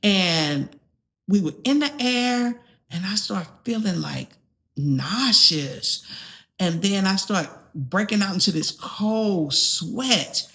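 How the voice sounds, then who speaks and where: A woman's voice: medium pitch, expressive, slow pace, sharp tone. A woman hosting a podcast, sharing a personal story in a chatty, conversational way. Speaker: podcast host. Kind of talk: casual chat.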